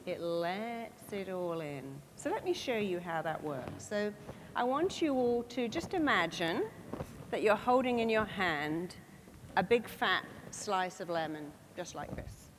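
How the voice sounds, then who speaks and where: A woman giving an animated motivational talk to an audience. She acts out the inner voices she quotes. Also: mid-range voice, a little slow. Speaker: motivational speaker. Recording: reverberant hall, faint background noise.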